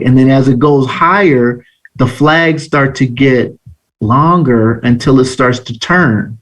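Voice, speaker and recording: A man giving a live online trading lesson, telling animated, slangy stories. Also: medium pitch, slow. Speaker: trading instructor.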